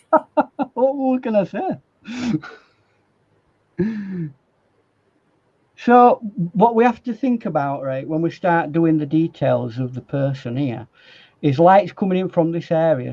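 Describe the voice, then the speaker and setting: A man's voice: a little high, highs cut off. A man with a Yorkshire accent giving a live watercolor demonstration, joking and rambling as he paints. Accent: Yorkshire English. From Yorkshire, England. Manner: jokey, rambling, laughs often. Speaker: guest artist demonstrating watercolor. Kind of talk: live painting demo chat.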